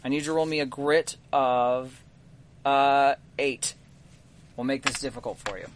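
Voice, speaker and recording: A man narrating as game master of a tabletop game, measured and halting, with frequent ums. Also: medium pitch, steady tone, background noise.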